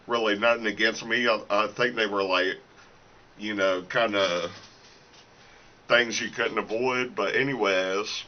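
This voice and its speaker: A mid-range male voice with the highs cut off comes from a casual vlog shot in a small home recording room on the camera's built-in mic. The speaker, an independent musician who also sells on a small scale, rambles, uses plenty of fillers, restarts frequently, and is a little breathless.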